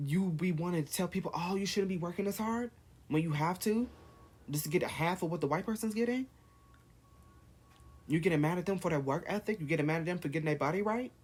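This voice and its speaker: Husky man ranting to camera. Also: fairly high pitch. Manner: heated, rhetorical questions. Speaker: vlogger.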